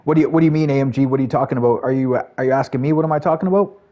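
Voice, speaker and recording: A Canadian man talks casually with his live-stream chat while he plays. His voice sits at a middle pitch, and his talk is friendly, loose and full of fillers as he greets viewers and chats with them by name. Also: racing, warm tone. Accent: Canadian English.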